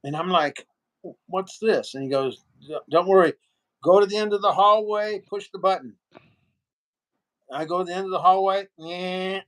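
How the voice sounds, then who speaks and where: A man's voice: high voice, moderate pace, long pauses. A man telling a long story in a casual interview, acting out what other people said. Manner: animated storyteller, acts out other people's lines. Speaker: guest.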